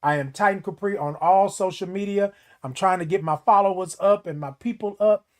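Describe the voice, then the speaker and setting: A man hosting a casual livestream, reading viewer comments and talking to them directly in a folksy, animated way. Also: sits high, fairly quick. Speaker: livestream host.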